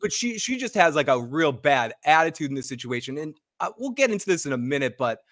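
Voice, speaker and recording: Male co-host, rambling casual recap, slightly high voice, dry close sound, a bit breathless. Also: big pitch swings, fast talker, fairly bright tone, no echo. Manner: rambling, acts out character quotes. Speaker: co-host giving episode recap.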